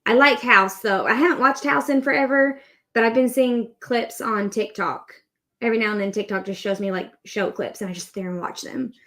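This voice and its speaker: Brisk, pushed, and bright, with a pitch on the high side, the voice belongs to a woman in her thirties. She hosts a crochet livestream and rambles happily to viewers while working on her crochet.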